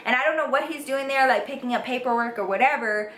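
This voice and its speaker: A woman in her twenties from the United States tells a storytime to her viewers, chatty and profane. Her voice sits a little high. It is picked up by a camera mic in an echoey room at home with a faint hiss behind her. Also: fast talker, fairly bright tone. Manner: swears freely, heavy "like" and "you guys", talks straight to viewers. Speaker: beauty vlogger.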